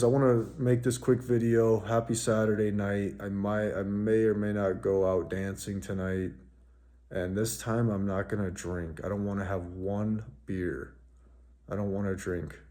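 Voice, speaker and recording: A man's voice: deep voice, dark tone. A man vlogging a casual story, rambling along with plenty of fillers and restarts. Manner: rambling, filler-heavy with frequent "like".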